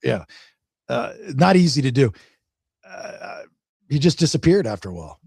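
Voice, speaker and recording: Gravelly man telling a story. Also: mid-range voice, normal speed, dry recording, clean studio sound. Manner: rambling, repeats words, animated when quoting others. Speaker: podcast host. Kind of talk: casual storytelling chat.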